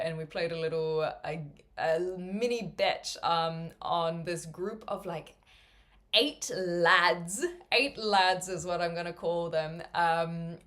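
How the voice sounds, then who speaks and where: A woman live-streaming, chatting casually with her viewers, rambling with lots of fillers and frequent laughter. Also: on the low side.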